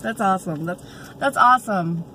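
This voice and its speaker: This casual chat vlog features a drawling woman in her thirties speaking warmly to her audience from a car, with faint vehicle noise. Her medium-pitched voice is bright and forceful, she restarts and pauses on fillers frequently, and the recording is low quality.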